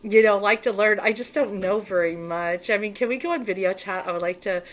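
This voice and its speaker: A woman's voice: medium pitch, close to an everyday voice. A woman putting on the voice of a naive, vulnerable female spiritual seeker who speaks hesitantly and stumbles over her words. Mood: timid. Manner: halting, breathy-sweet, stumbling over words.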